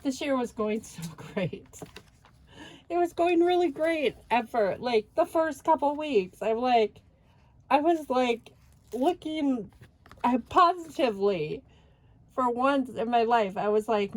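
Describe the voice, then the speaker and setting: Slow-talking, higher-voiced woman venting casually. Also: no room sound, low-quality recording. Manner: venting, retelling with quoted back-and-forth; sighs and rueful laughs. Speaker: craft channel host. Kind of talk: casual voice-over while crafting.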